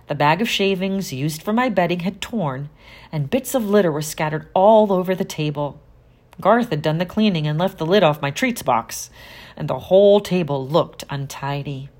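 Low-voiced woman reading a storybook. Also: darkish tone. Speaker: audiobook narrator. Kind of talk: storybook narration.

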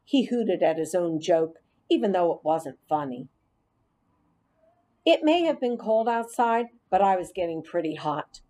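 Woman, storybook narrator, expressive, slow pace, mellow tone. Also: on the low side. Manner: expressive first-person reading. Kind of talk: storybook narration as a pet hamster.

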